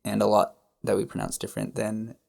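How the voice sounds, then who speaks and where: A man with a Canadian accent, co-hosting a podcast and explaining words in a relaxed, casual chat. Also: lowish voice, creaky. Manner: easygoing, explains slowly and models words. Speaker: podcast co-host, English teacher. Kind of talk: casual conversational lesson.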